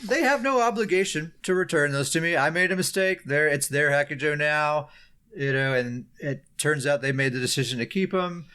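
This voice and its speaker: A man's voice: fairly high pitch, moderate pace, sharp tone, clean tone. A man co-hosting a casual gaming podcast, telling a self-deprecating story and chuckling often. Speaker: podcast co-host.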